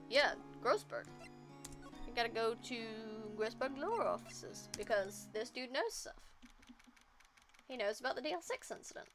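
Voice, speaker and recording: Bright-voiced woman streamer reading aloud. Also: on the high side, huge pitch swings, normal speed, faint music behind. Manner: reads the lines expressively, jokes in between. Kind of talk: reading game dialogue aloud with casual asides.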